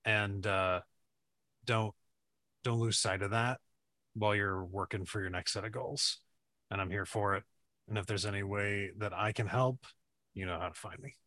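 A man giving a sincere birthday message, halting now and then with fillers. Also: fairly low pitch, fairly even intonation, pushed and bright, no echo.

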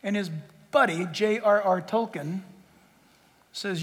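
A middle-aged male pastor preaching a sermon, emphatic and full of rhetorical questions, swinging between loud declarations and hushed asides. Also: high-pitched, slow pace, long pauses. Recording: long reverb of a big hall.

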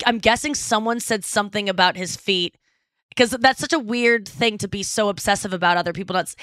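A woman's voice: a little high, pushed and bright, dry recording. A woman who is a comedian, a guest in a casual chat, gushing and laughing often.

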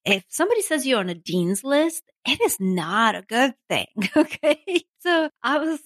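A woman's voice: sits high, sing-song, normal speed, dry recording. A woman from Armenia, telling her own story in a chatty way, full of asides and self-mocking laughs. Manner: chatty, many asides like "you know" and "right?", laughs at herself. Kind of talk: casual storytelling.

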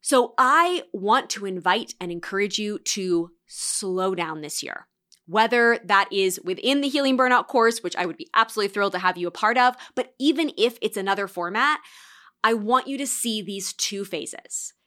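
A woman's voice: medium pitch, expressive, moderate pace, pushed and bright. A woman hosting a reflective solo podcast, coaching listeners in an encouraging tone and reading student quotes aloud. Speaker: podcast host and course mentor.

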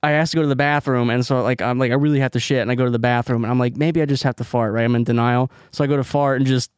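A man in casual podcast chat, telling stories about himself in a halting, self-deprecating way. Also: mid-range voice, steady tone, smooth, no room sound, studio quality.

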